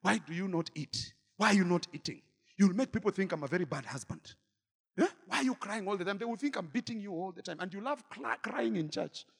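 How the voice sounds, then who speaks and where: A man's voice: sits high, animated, brisk, creaky, husky, big-room sound, exaggerated voice. A man preaching who voices an exasperated husband of old, firing nagging questions at his weeping wife. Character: exasperated ancient husband fretting over his reputation.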